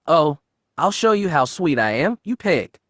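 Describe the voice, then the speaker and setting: A man's voice: on the high side, sing-song, unhurried, fairly bright tone, no echo, clean studio sound, voice pushed up, heavily acted. A man doing a pilot woman faking sweetness. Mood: disgusted. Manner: put-on sweetness, wry asides. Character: sharp young woman pilot feigning sweetness.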